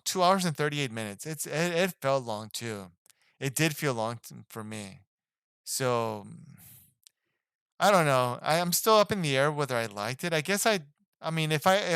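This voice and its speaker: A man's voice: mid-range voice, fairly bright tone, clear, resonant tone, no echo, studio quality. A man giving a casual spoken film review, rambling and hesitant, with lots of fillers and restarts. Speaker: movie reviewer.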